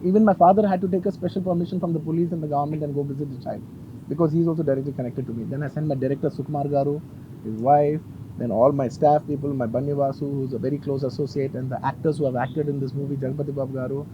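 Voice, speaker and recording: Earnest man at a press conference, emotional and insistent, rapid delivery, slightly higher voice. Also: fairly even intonation, muffled recording, noisy background. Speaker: film actor at a press conference.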